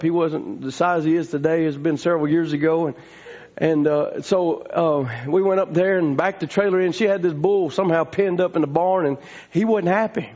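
A man preaching a storytelling sermon, folksy and rising to shouting fervor. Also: fairly high pitch. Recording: dull lo-fi sound.

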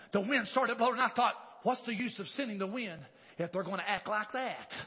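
A man preaching a revival sermon, telling a story and rising to shouted exclamations. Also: high-pitched, normal speed, vocal fry, long pauses, lo-fi sound, a crowd in the background.

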